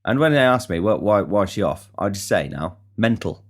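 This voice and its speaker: A man's voice: fairly low pitch, very animated, fairly quick. A young man talking bluntly in a casual podcast monologue, ranting and swearing freely. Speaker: podcast host.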